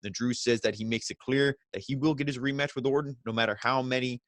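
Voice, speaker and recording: A man's voice: mid-range voice, steady tone, fast talker, a bit bright, no echo. Rambling man recapping wrestling. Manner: rambling, restarts mid-sentence, acts out quotes. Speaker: wrestling show reviewer. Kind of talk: casual recap podcast.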